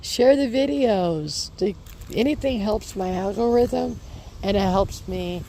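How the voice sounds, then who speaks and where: A woman's voice: medium pitch, takes it slowly, dark tone, slight background noise. A woman chatting casually in her vlog, rambling and repeating her reassurances, recorded outdoors in a garden. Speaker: homesteading vlogger.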